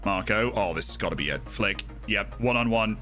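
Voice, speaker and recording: A young man doing excitable live commentary while streaming a game, jokey and quick to shout and cheer. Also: fairly low pitch, soft background music.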